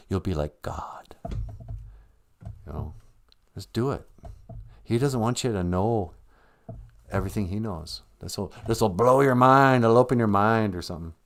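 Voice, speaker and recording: A man voicing a sly male tempter snake in a hissing whisper, as comic storytelling. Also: fairly low pitch.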